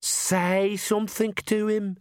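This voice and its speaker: A man doing a shrill, scornful inner girl voice. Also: animated, slow, dry recording, clean studio sound. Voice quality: shrill, squeaky. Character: bossy, scornful inner voice of a young woman.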